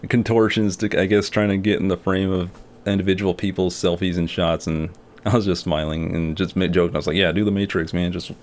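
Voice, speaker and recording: A young man telling a story in a casual vlog, rambling with many fillers and restarts. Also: low-pitched. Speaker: artist and video creator.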